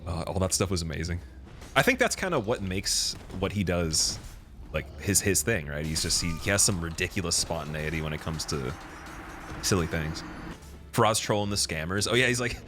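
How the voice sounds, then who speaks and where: A man's voice: sits low, animated, normal speed, a bit bright, soft background music. A young man streaming a game, chatting casually with a rambling, laughing manner. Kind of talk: casual live gameplay commentary.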